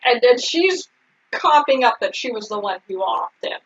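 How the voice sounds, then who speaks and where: A woman's voice: fairly high pitch, animated, moderate pace, slightly rough. A woman co-hosting a casual recap chat, chiming in with quips and questions. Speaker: podcast co-host. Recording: dull lo-fi recording.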